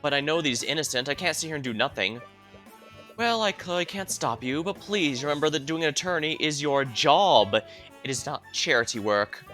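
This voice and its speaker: A man reading a stern, thrifty female attorney mentor from a visual novel in a dry, scolding, measured way. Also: on the high side, animated, a bit bright, faint music behind, pitched above the performer's own voice.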